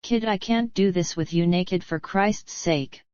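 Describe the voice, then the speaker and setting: A woman voicing a gruff, grumpy old man survivor who talks bluntly and swears. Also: lowish voice, unhurried, darkish tone, dry recording, dull audio, natural voice. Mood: exasperated.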